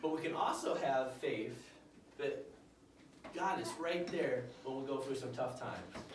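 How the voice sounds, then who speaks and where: Lively man telling kids a Bible story. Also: mid-range voice, a little slow. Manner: lively, acts out characters with loud shouts. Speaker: children's church teacher. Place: church classroom with children. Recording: echoey room, distant mic, noisy.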